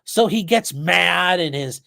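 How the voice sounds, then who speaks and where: A man's voice: high-pitched, expressive, slow, gravelly, bright, forceful tone. A man hosting a casual live stream, commenting on a trial and answering chat with blunt, profane asides. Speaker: livestream host commenting on a trial.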